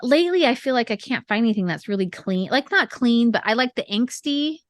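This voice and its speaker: A woman with a fairly high voice and lively intonation talks a little fast on a dry recording. An author and podcast co-host, she gives marketing advice in casual chat, chatty and often laughing as she acts out little stories.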